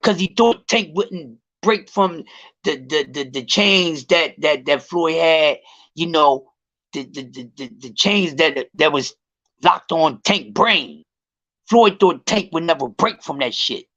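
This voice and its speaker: Animated, profane man ranting about boxing. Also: on the high side, highs cut off. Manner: profane, heated, drawn-out repeated words. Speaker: boxing commentary vlogger. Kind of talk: casual livestream rant.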